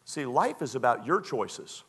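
A man preaching a sermon as pastor, emphatic and repetitive, often dropping to a quiet tone. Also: mid-range voice, very animated, measured pace, slightly rough.

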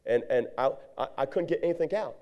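A middle-aged male preacher telling a story in a sermon, animated, with sudden high outbursts. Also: quick pace, highs cut off.

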